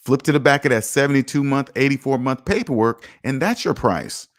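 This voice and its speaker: A man's voice: medium pitch, fairly quick, hardly any pauses. A man hosting a finance livestream, emphatic and self-assured, talking casually and reacting to viewer comments. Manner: emphatic and self-assured, lively swings in loudness. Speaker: finance channel host. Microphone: streaming mic.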